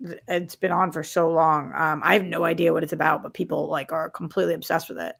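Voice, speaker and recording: Gravelly-voiced woman co-hosting a chat. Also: deep voice, flat delivery, quick pace, a bit bright. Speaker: co-host. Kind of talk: casual chat.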